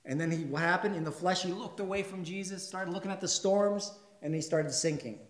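A male pastor delivers a sermon in a conversational style and keeps checking in with his listeners. His voice sits a little high, and it swells into loud, emphatic stretches. The recording has a roomy echo. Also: a little fast. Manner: conversational, asks the congregation questions; builds to loud, emphatic passages. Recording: echoey room.

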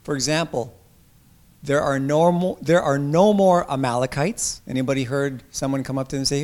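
A man preaching a sermon with emphasis, reading scripture slowly and asking his listeners questions. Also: a little high. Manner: emphatic, asks the congregation questions; reads scripture aloud slowly. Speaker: pastor.

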